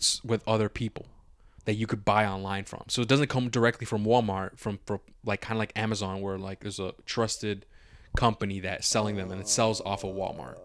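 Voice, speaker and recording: A young man on a podcast telling a long story in casual chat, animated, swearing freely and acting out what everyone said. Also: lowish voice, no room sound, clean studio sound. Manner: animated, swears a lot, acts out his own quotes. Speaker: podcast co-host.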